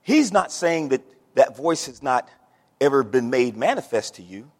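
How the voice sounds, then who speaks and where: A man's voice: medium pitch, sing-song, moderate pace, darkish tone. A man preaching a sermon as pastor, folksy, with homespun stories and plain everyday sayings. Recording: long hall reverb.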